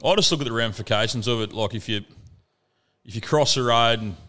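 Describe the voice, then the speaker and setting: An Australian man telling stories as a podcast guest, animated and swearing freely. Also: mid-range voice, quick pace. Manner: animated yarn-spinning, heavy swearing. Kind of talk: casual storytelling chat.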